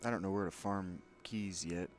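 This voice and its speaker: Candid low-voiced man narrating gameplay. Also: fairly even intonation, normal speed. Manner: candid, opinionated, rambling asides to viewers. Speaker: let's play host. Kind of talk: gameplay commentary.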